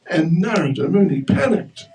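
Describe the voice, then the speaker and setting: A man's voice: high voice, expressive, normal speed, dark tone, slight background noise. A man giving a storytelling religious class in a temple hall, joking with the audience. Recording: roomy hall, mic far off.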